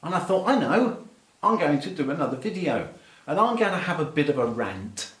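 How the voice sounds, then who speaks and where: His fairly high voice is sing-song, brisk and fairly bright, bouncing around an echoey room. He's a middle-aged English aviation English teacher from England, English accent and all, ranting playfully and with mock exasperation to camera.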